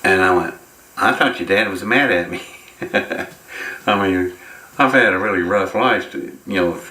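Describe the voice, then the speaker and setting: A man's voice: low-pitched, a little slow, bright, forceful tone, roomy sound, low-quality recording. A man guest in an interview, telling a long personal story in a folksy, wry way and chuckling at his own lines. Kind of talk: casual storytelling.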